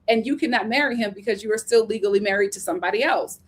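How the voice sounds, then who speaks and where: A woman hosting a casual reality TV recap, sassy and animated, laughing often as she talks. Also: medium pitch, quick pace.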